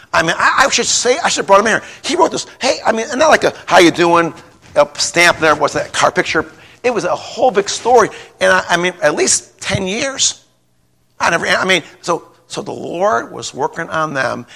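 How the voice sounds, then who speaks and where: Gravelly, bright-voiced rambling preacher man. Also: sits high. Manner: rambling, repeats words, rises to shouting when excited. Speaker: pastor. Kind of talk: folksy sermon with personal story.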